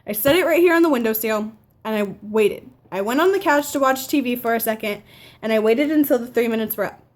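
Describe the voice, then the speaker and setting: A nineteen-year-old woman telling a casual story at home, chatty and animated, quoting the people in her story. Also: fairly high pitch, a little fast. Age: teens. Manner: chatty, animated retelling with quoted dialogue. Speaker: vlogger. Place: home living room by a window.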